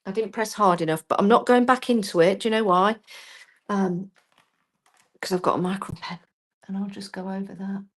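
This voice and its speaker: A woman's voice: medium pitch, fairly even intonation, normal speed, long pauses. A woman chatting through a live craft demonstration, self-deprecating and talking as she works. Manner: chatty, self-deprecating, talks while working.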